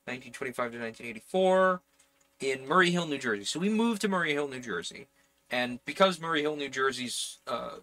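Bright-voiced man musing through a solo role-play. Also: mid-range voice. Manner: meandering, musing, first-person plural narration. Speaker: solo tabletop game player and narrator.

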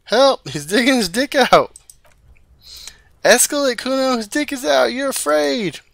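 A man voicing a young girl in a video game who shrieks for help in a shrill voice. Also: lively intonation, measured pace, vocal fry, a bit bright, no room sound, exaggerated voice. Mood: shrieking. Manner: shrill screaming.

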